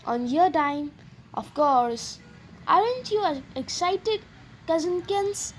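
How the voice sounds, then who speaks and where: A woman's voice: very high voice, animated, takes it slowly, slight background noise, exaggerated voice. Woman doing a smug scheming male mouse. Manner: smug, teasing.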